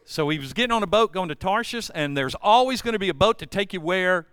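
A man's voice: sits high, animated, fast talker, a bit bright, clear, resonant tone, no echo, clean studio sound. A man preaching a sermon, storytelling and then building emphatic repeated refrains. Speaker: pastor.

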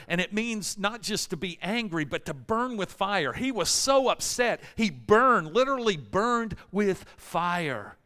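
High and sharp, a pastor's voice carries through a loud amplified microphone in a church sanctuary. He gives a joking, casual sermon, acting out prayers, with fillers here and there.

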